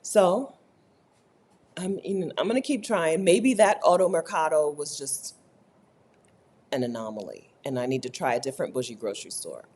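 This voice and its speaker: A woman talking casually to camera in a chatty, animated way, often tagging her sentences with "right?". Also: sits low, moderate pace, long pauses, slightly rough. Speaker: vlogger. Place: rented apartment.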